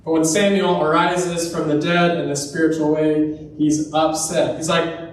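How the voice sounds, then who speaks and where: A man's voice: on the high side, fairly even intonation, a little slow, few pauses, a little hiss or hum. A man giving a sermon in a church, retelling a story in a conversational way with personal asides. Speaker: preacher. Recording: very echoey room, distant mic.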